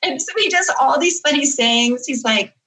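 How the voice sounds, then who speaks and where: A woman author, a guest on a podcast, telling a story in casual, animated chat and correcting herself as she goes. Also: sits high, rough recording. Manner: animated storyteller, quick asides and self-corrections.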